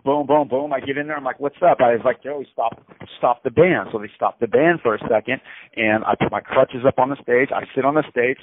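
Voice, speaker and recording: A man telling a story from prison over the phone in a rambling, animated way, saying "bro" again and again and repeating himself. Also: medium pitch, fast talker, a little hiss or hum. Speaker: incarcerated storyteller. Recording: tinny phone line.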